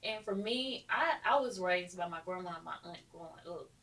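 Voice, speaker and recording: A woman co-hosting a podcast, chatting in a reflective, soft-spoken way. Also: lowish voice, animated, a little fast. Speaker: podcast co-host. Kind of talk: casual chat.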